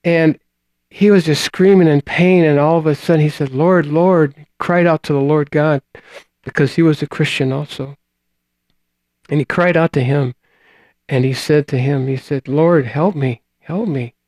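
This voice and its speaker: A man preaching a sermon, reading scripture and retelling a testimony in a slow, halting way, often repeating words and trailing off quietly at the ends of phrases. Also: on the high side, steady tone, no echo.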